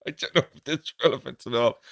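Halting middle-aged man. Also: mid-range voice, creaky, fairly bright tone. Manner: halting, repeats words as he gathers his thoughts. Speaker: podcast co-host. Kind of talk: casual podcast chat.

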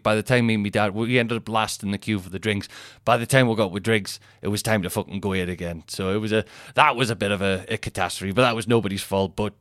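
A male comedian, telling a comic story in an animated, sweary way and laughing at his own tale. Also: on the low side, dry recording, studio quality. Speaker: comedian podcast host.

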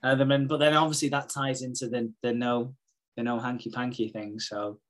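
A man in a relaxed podcast chat, swearing freely as he recaps a soap episode. His voice sits at a middling pitch, and he slips in quick impressions of the characters as he goes. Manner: sweary storytelling, mimicking characters in quick asides. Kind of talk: casual chat.

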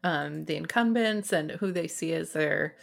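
Gravelly-voiced woman co-hosting a podcast. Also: low voice, a little slow. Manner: friendly, laughs easily, uses fillers. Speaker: podcast co-host, reporter. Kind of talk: casual podcast chat.

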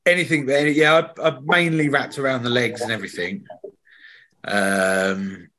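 Man, podcast host, mid pitch, casual slangy storyteller. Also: fairly even intonation, moderate pace, pushed and bright. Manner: chatty storyteller, swears, slangy. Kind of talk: casual chat.

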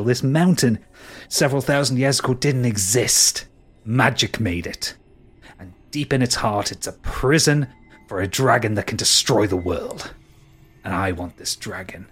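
A smug, scheming sorcerer, grand and theatrical in every word, as a game master puts him on. The voice sits low and mocks freely. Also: male voice, fairly bright tone, husky. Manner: smug, theatrical, dismissive laughs.

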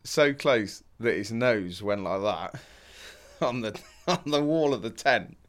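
A young man from England tells a story as a podcast guest, relaxed and rambling, with plenty of fillers and laughs. His voice sits fairly low. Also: slow. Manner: laid-back, laughs often, many fillers. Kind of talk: casual storytelling.

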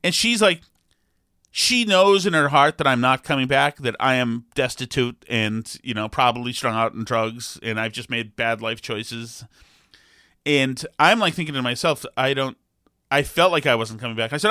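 A man in his forties telling a comic story about himself, self-deprecating and animated, acting out the dialogue. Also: mid-range voice, moderate pace, dry recording, clean studio sound. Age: 40s. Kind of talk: comedic storytelling.

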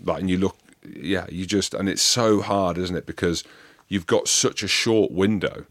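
A man in his forties hosting a podcast, telling stories in a casual, animated way with plenty of swearing and tag questions. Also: low voice, moderate pace, no echo, clean studio sound. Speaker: podcast host, retired rugby player. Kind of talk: casual storytelling chat.

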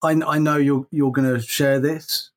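A man's voice: medium pitch, level tone, measured pace. A middle-aged man co-hosting a podcast in casual chat, earnest, often repeating words as he stresses a point. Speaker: podcast co-host.

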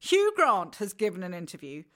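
A woman co-hosts a casual, comedic chat. She is animated and exclamatory and quick with jokes. Her pitch leaps around freely from a middle register. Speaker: podcast co-host.

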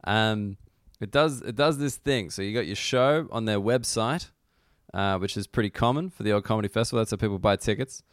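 A man's voice: on the low side, a little fast, smooth, no room sound, studio quality. A man with an Australian accent, hosting a casual solo comedy podcast, rambling and self-deprecating, swearing freely. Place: corner of a hotel room.

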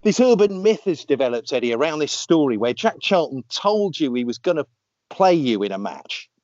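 A man's voice: fairly high pitch, very animated, moderate pace, a little mellow, dry recording. A male interviewer speaks with a voice that rises and falls a lot, and he puts his questions in a chatty, hedging way. The recording is dry and slightly dull. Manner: chatty and tentative, hedging with fillers. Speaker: interview host. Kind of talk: casual interview conversation. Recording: slightly muffled, dry audio.

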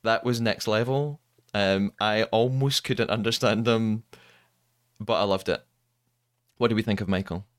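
A man's voice: fairly low pitch, fairly even intonation, a little slow, long pauses, no room sound, clean studio sound. A man hosting a podcast, chatting casually, asking his guest questions and laughing easily. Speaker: podcast host. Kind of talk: casual chat.

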